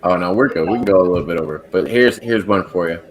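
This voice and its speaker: A man's voice: low-pitched, fast, slight background noise. A man hosting a casual livestream over a video call, joking and laughing often while he restarts his phrases. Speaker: podcast host.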